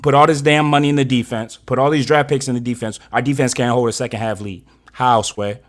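Speaking quickly with fairly even intonation, this mid-range male voice belongs to a co-host on a sports talk show. His casual rant about the team's coaching and draft picks is angry and profane, and his frustration builds until he's shouting.

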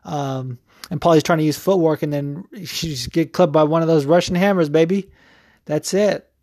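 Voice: mid-range voice, moderate pace, a little mellow, no echo, studio quality. A podcast host in a casual, profane opinion rant, rambling with lots of fillers. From United States.

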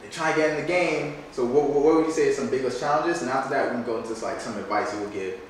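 A man hosting a casual podcast, relaxed and easy to laugh, as he steers the talk into each new segment. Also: medium pitch, rapid-fire, recorded from a distance. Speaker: podcast host. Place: sneaker cleaning shop. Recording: echoey room, off-mic, faint background noise.

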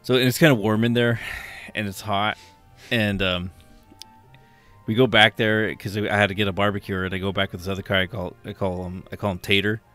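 A man's voice: lowish voice, steady tone, brisk, bright, forceful tone, faint music behind. A man co-hosting a casual podcast, telling profane, rambling stories and laughing along. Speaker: podcast co-host. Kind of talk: casual chat, reading odd news.

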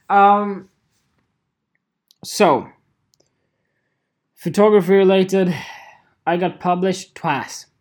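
Slow, animated ranting photographer. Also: mid-range voice. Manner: animated, profane, repeats phrases, laughs often. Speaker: photographer vlogger. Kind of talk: casual ranting vlog.

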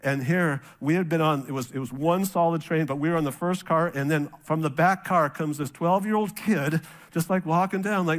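A middle-aged male pastor from North Dakota preaching a sermon, telling a family story in a casual, animated way and acting out the voices of the people he quotes. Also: a little high, fairly quick.

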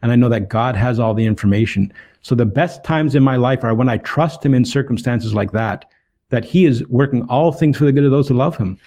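Earnest and a little fast, a street evangelist with a warm, medium-pitched voice relates Bible stories and personal testimony. As he speaks he acts out the conversations, giving the dialogue emphasis.

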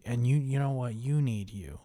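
A man's voice: medium pitch, normal speed, warm tone, no room sound, clean studio sound. A man co-hosting a casual podcast, ranting with heavy profanity. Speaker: podcast co-host.

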